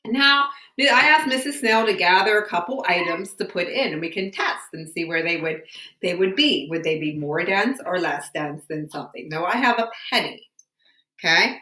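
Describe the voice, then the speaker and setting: A woman teacher with a bright voice, leading a science lesson from home. She asks patient, encouraging questions, and her voice rings in an echoey room. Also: lowish voice, lively intonation, moderate pace.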